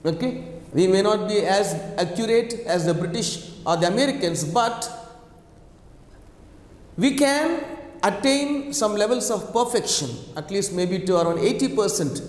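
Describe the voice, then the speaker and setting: Slow, high-voiced Indian teacher in an echoey room. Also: male voice, expressive. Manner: repetitive, drills sounds slowly, frequent fillers and check questions. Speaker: English pronunciation teacher. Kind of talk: online lesson. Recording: echoey room, long reverb.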